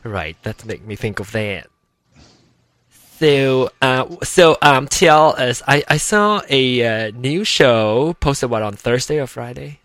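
Brief: jokey male host, lively pitch, bright voice, chatty and scattered. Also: takes it slowly, no echo. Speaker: podcast host. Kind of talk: live podcast chat.

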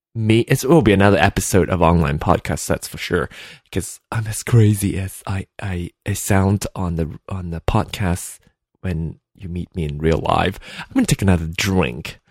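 A man's voice: deep voice, dry recording, clean studio sound. A man hosting a solo podcast, rambling and giggling with many fillers, just woken up. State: just woke up, clammy. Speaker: podcast host. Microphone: desk mic at computer.

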